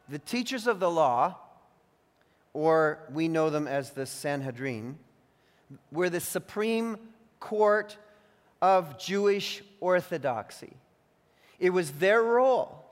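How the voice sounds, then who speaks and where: A man preaching a sermon as pastor, earnest and teacherly, leaning hard on key phrases. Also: sits high. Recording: long reverb of a large hall.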